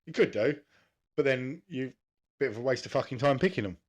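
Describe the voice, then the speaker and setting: A laid-back man in easy podcast chat, his voice sitting at an ordinary middle pitch. He swears offhandedly and breaks into laughs often. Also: animated, brisk. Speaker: podcast co-host. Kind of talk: casual chat about cricket.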